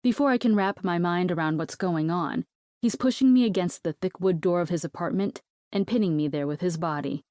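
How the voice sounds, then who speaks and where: A woman narrating a first-person romance audiobook in a steady, intimate storytelling manner. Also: lowish voice, fairly quick, dry recording, clean studio sound.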